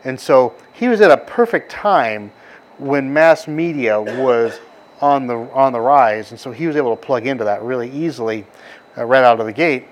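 A middle-aged man from the American South with a softened Southern accent, preaching a casual, rambling sermon full of stories and fillers. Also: mid-range voice, normal speed, slight background noise. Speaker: pastor.

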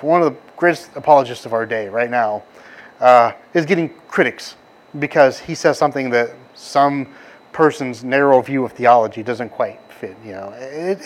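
A middle-aged man from the American South with a softened Southern accent, preaching a casual, rambling sermon full of stories and fillers. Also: medium pitch. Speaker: pastor.

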